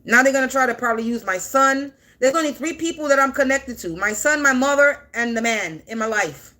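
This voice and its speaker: A woman in her forties with a high voice talks straight to camera in an unscripted monologue. Her tone is sharp and forceful. She swears bluntly and keeps repeating her points. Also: a little fast. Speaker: spiritual content creator.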